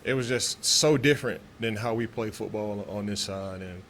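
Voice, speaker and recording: A man's voice: fairly low pitch, moderate pace, fairly bright tone, a little hiss or hum. Laid-back man from Texas, press talk. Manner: laid-back, loose, repeats and restarts. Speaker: pro football player. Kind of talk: press conference answers.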